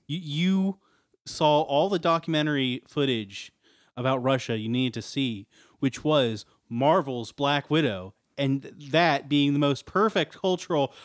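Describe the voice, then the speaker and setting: A man co-hosting a podcast in casual chat, excitable and jokey. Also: medium pitch, a little slow, no room sound, studio quality. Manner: excitable, jokey, breaks into laughter. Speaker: podcast co-host.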